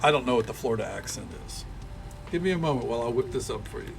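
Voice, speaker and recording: A man's voice: mid-range voice, lively intonation, quick pace, vocal fry, background noise. A man with a faint Tennessee Southern accent, chatting casually with viewers while he games, rambling in an easygoing way full of fillers. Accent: light Tennessee Southern drawl. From Tennessee, USA. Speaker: streamer.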